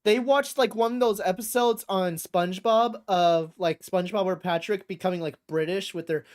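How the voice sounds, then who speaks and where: A woman chatting casually as a streamer, profane and prone to loud laughing outbursts. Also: medium pitch, normal speed, hardly any pauses. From United States. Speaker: streamer reacting to a debate.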